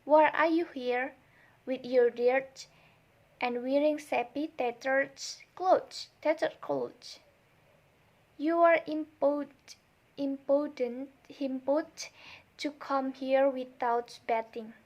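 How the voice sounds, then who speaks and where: A woman's voice: high-pitched, fairly even intonation, slow, darkish tone, muffled recording. A young woman voicing a big haughty male giant who insults a dirty child. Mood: contemptuous. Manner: insulting, contemptuous.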